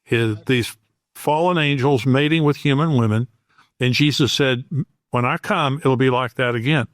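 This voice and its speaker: A man's voice: mid-range voice, moderate pace, no room sound, clean studio sound. A man hosting an interview, making his points earnestly and restarting his sentences as he goes. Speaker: host.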